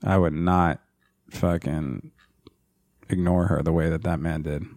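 A man with a New Jersey accent, talking fast in casual, profane podcast banter. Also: sits low, fairly even intonation, a little mellow, dry recording, clean studio sound.

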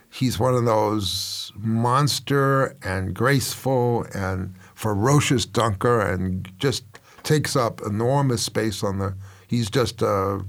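A man's voice: on the low side, creaky. An older man in his seventies hosting a commentary show, telling stories in a rambling, wry and self-mocking way. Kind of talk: casual storytelling commentary.

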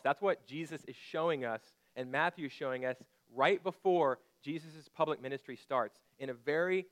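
Man preaching with rising emphasis. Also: a little high. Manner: animated preaching, rhetorical questions, drops to soft intensity. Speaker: pastor. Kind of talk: sermon.

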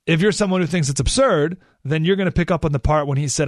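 A man hosting a talk radio show, delivering an animated monologue full of rhetorical questions and sarcasm. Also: high voice, quick pace, few pauses, no room sound, studio quality.

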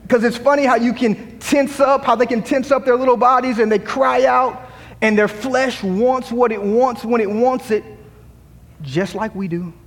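High-voiced man preaching in a reverberant hall. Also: steady tone, normal speed. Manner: preaching with rising emphasis, quoting scripture; humorous asides. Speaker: pastor. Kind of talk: sermon. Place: church sanctuary.

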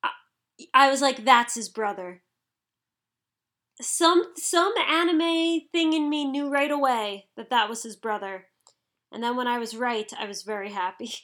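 A woman co-hosting a casual chat about anime, bubbly, excitable and quick to giggle. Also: on the high side.

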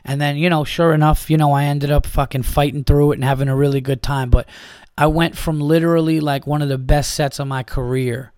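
A man who is a stand-up comedian and podcast host, telling a club story in a casual, profane, animated way and acting out the back-and-forth. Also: a little high, brisk, smooth, no echo, clean studio sound. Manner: profane, animated retelling with quoted exchanges.

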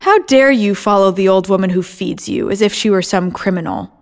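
A woman's voice: mid-range voice, brisk, lightly acted. A woman voicing a fierce, foul-mouthed old village woman who spits out her words in defiance. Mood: scornful. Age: older. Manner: spitting, defiant, vulgar.

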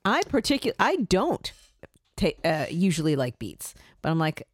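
A woman chatting casually, animated and blunt about foods she likes and hates. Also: lowish voice, normal speed, dry recording, studio quality. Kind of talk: casual chat.

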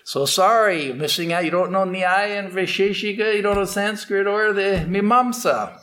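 Man doing a haughty scholar, condescending, lofty, fairly high voice. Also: animated, normal speed, bright, forceful tone. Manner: lofty, lecturing questions. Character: haughty learned male scholar, pompous and condescending.

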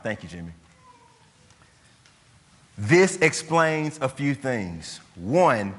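A man's voice: mid-range voice, a bit bright. A man preaching a sermon as a pastor, driving his points home with rhetorical questions and emphatic repetition. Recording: long hall reverb.

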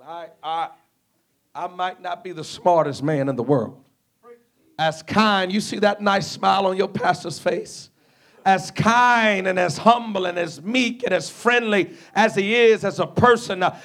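High, gravelly-voiced man preaching. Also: a bit bright. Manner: acts out biblical dialogue in storytelling preaching. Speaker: guest preacher. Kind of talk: sermon. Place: church before a congregation.

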